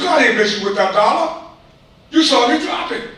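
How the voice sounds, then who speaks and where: A man's voice: very high voice, expressive, normal speed, pushed and bright. A man giving an impassioned, preachy public comment to a school board, repeating himself in colloquial speech. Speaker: community speaker addressing a school board. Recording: echoey hall from far off, faint noise.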